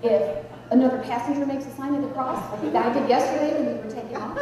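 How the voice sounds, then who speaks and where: A woman's voice: high-pitched, quick pace. A woman speaker telling a dramatic, humorous story to a conference audience. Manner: lively, dramatic, animated. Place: large conference hall. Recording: echoey hall, distant mic, background noise.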